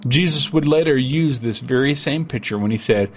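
Man, associate pastor, radio sermon, measured delivery, ordinary pitch. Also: breathy edge. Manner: earnest, measured preaching with slow emphatic quotes.

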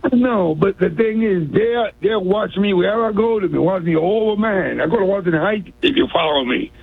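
Stammering high-voiced man on a phone line. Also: fairly quick, gravelly, breathy edge. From New York City. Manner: rambling, stammering, repeats himself. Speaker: caller. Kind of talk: rambling call-in story.

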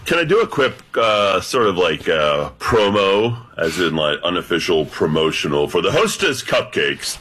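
Deep husky guy on late night radio, bright forceful tone, voice swings all over. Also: moderate pace, few pauses. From United States. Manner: deep voice remarked on by host, lively delivery. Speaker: radio show regular guest.

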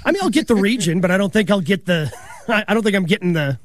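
A man hosting a sports radio show, chatting casually with quick asides and frequent laughter. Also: high voice, expressive, dry recording.

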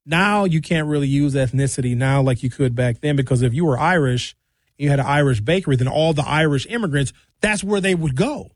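Guy ranting and mocking, kinda high voice, dry close sound. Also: a little fast, no echo. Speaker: commentator. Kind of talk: opinionated monologue.

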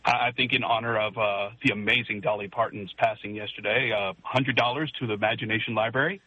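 A man's voice: fairly low pitch, fairly even intonation, fast, breathy edge. A man from Arkansas calling a sports radio show, good-natured and hesitant with many fillers. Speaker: caller. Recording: tinny phone line.

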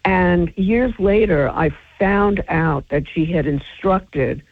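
A woman tells a story in an interview, full of energy, and her voice leaps up whenever she acts out a quote. Her voice is husky and a little breathy. It comes through a thin, tinny phone line. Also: slow pace. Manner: lively storyteller who acts out quotes with big pitch jumps. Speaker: entertainment reporter telling a story. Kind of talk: animated anecdote in an interview.

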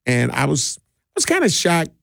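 A man's voice: a little high, wildly swooping pitch, normal speed, vocal fry, fairly bright tone, no room sound, clean studio sound. A middle-aged man from Milwaukee, a DJ who organizes community parties, telling stories in an easygoing way, with laughs and many restarts. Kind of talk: casual interview storytelling.

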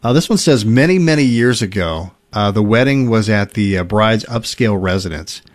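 A man's voice: fairly low pitch, normal speed. A man hosting a casual chat, reading listener stories aloud in an easygoing way, with chuckles and fillers. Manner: relaxed storytelling with fillers and chuckles.

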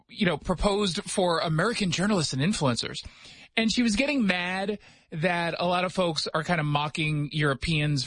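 A man hosting a radio talk show, chatting casually with sarcastic jokes and quick asides. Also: high-pitched, fairly bright tone, no echo. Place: radio studio.

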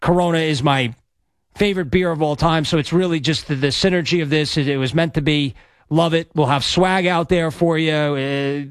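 A man hosting a late-night sports talk radio show, energetic and rambling, talking into a studio mic. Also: on the high side, no room sound. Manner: energetic, rambling, self-promoting. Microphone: studio microphone.

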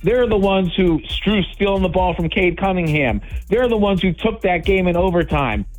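A man's voice: high voice, expressive, moderate pace, faint music behind, poor audio. A man leaving a voicemail for a sports radio show, ranting sarcastically. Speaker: caller. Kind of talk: voicemail rant.

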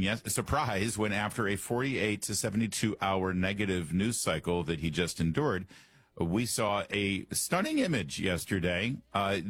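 A man's voice: on the low side, fairly bright tone, slightly rough, dry recording. A man hosting a talk radio show, commenting in a sarcastic, mocking way from a studio microphone.

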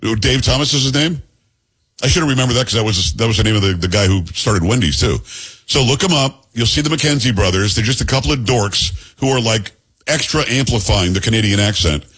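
A man's voice: mid-range voice, lively intonation, brisk, fairly bright tone, breathy edge. A man hosting a podcast, talking in a joking, rambling, teasing way. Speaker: podcast host. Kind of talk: casual podcast chat.

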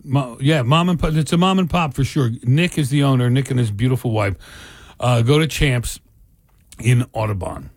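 A man's voice: mid-range voice, moderate pace, a little mellow, no echo. An older man co-hosting a radio talk show, chatting casually in a rambling way with many restarts and asides. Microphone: studio microphone.

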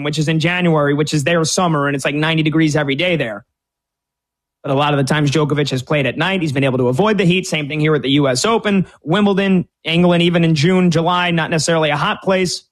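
Man, slightly higher-pitched, opinionated tennis betting analyst, casual and rambling. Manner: opinionated, rambling, many restarts. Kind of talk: sports betting commentary.

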